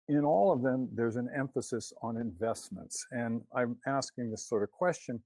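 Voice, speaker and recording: A man's voice: mid-range voice, mellow, no echo. A man presenting a talk over his slides, hesitant with many fillers and restarts, questioning and critical of what he quotes.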